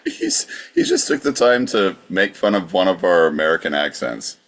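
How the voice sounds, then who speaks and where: A man's voice: sits low, wildly swooping pitch, moderate pace, a bit bright. A man co-hosting a live podcast, teasing his co-host and laughing in casual banter. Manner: teasing, laughs between lines.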